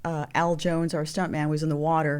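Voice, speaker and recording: A woman in her sixties, a guest actress, telling animated stories and acting out the voices of people in them. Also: low-pitched, fairly quick, clear, resonant tone. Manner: animated storyteller, acts out quoted voices. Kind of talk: storytelling interview.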